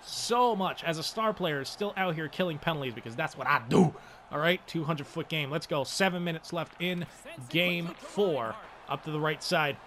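Young male gaming host, bright and sharp tone, slightly high voice, excitable, swears at the game. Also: normal speed, slight background noise. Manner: excitable, swings between frustrated outbursts and muttered asides, swears often. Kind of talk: live gameplay commentary.

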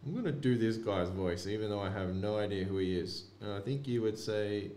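Here the card-break host has a low, darkish voice and speaks a little fast, chatting offhandedly to viewers while opening packs. Faint noise and echo fill the room.

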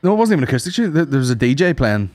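A man's voice: mid-range voice, sing-song, very fast, darkish tone, no room sound. Podcast co-host, a man with a mid-range voice, loose sweary anecdotes, dry close mic. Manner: sweary, rambling anecdotes, acts out quotes. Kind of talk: casual storytelling chat.

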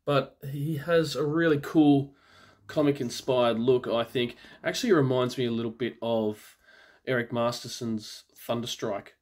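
A man's voice: mid-range voice, measured pace. A man casually reviewing an action figure, chatty and keen, with frequent fillers and restarts, recorded on a phone camera. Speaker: toy reviewer.

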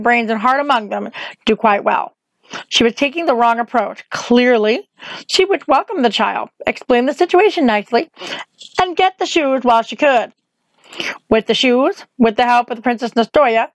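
A woman reading a novel aloud in a measured, expressive narration. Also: on the high side, no echo, low-quality recording. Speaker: reader. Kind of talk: audiobook-style novel reading.

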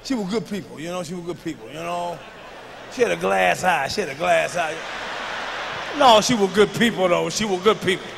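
A man performing a stand-up comedy routine on a big stage, telling profane stories with a swagger, jumping between shouts and low asides. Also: a little fast, creaky, big-room sound, background noise. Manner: loud, swaggering, profane storytelling with sudden shouts and drops to a murmur. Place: large live venue on stage.

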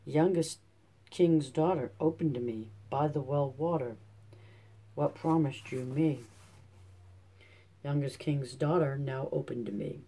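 A man's voice: a little high, a little slow, pauses often, warm tone. A man reading a storybook aloud, voicing an old male frog who is coaxing and insistent. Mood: pleading.

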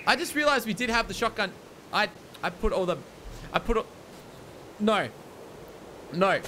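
A man's voice: very high-pitched, expressive, measured pace, pauses often, sharp tone, a little hiss or hum. A young man commentating his survival game, panicked and exasperated, repeating himself. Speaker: gaming YouTuber. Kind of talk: let's play commentary.

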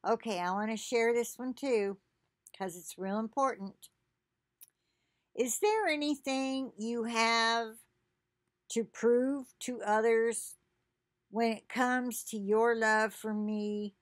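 A woman reading devotional messages aloud at home in a slow, earnest way, breaking off for chatty asides. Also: on the high side, steady tone, no echo, clean studio sound. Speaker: devotional video host.

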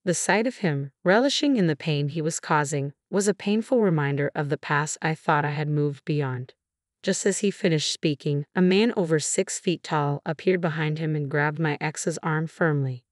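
A woman with a notably low voice tells a first-person story in a steady, measured narration. Her delivery stays even from line to line. The recording is dry and close, with no room sound. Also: dry recording.

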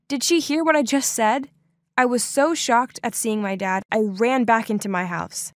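Expressive woman telling a first-person story. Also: fairly high pitch, no room sound, clean studio sound. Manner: expressive, dramatic. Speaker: story narrator.

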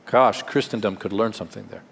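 A man's voice: lowish voice, brisk, vocal fry, slightly rough. A man, a pastor, preaching a live Sunday sermon in a conversational, emphatic way with wry humor. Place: large church auditorium. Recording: long hall reverb in live church.

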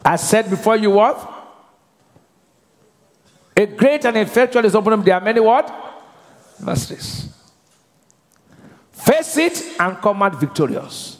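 High-voiced male preacher in a reverberant hall. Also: big pitch swings, normal speed, long pauses. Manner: call-and-response preaching, asks the congregation to finish his sentences. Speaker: pastor. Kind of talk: sermon. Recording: long reverb of a church hall.

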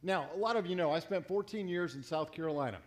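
Pastor guy preaching, folksy joking stories, voice a bit on the high side. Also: fast. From South Florida. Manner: folksy storytelling with humor and playful voice inflections. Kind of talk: sermon. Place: church sanctuary.

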